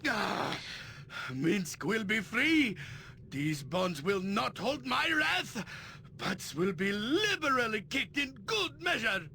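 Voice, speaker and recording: A man's voice: high-pitched, big pitch swings, takes it slowly, gravelly, bright, forceful tone, a little hiss or hum, pitched above the performer's own voice, heavily acted. A man voicing a huge, brash male berserker warrior, reading game dialogue aloud with bombastic declarations. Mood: wrathful.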